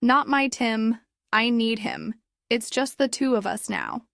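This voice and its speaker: A woman reading the lines of a worried, protective single mother in a storybook, speaking slowly and earnestly. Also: a little high, lively intonation, vocal fry, a bit bright, no echo, clean studio sound, heavily acted. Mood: pleading.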